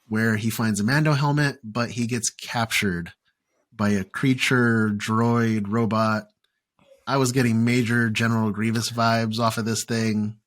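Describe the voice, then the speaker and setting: Casual chat from a man hosting a fan podcast. He walks through the plot in a relaxed, rambling way, full of "um"s and quick jokes, at an ordinary pitch. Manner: recaps plot with frequent fillers and playful quotes. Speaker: podcast host.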